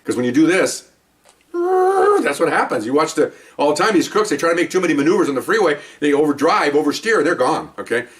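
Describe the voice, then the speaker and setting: Talking fast with a slightly high, lively voice, a policeman shares stories from the job in an easygoing monologue. He stays emphatic, keeps tacking "okay?" onto his points, and is recorded far from the mic.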